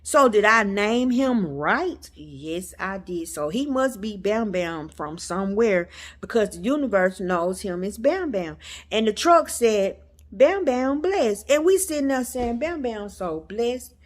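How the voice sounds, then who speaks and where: A woman's voice: medium pitch, lively intonation, measured pace. A woman vlogger telling a story to her viewers in a chatty, emphatic way, calling them y'all. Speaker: metaphysics vlogger.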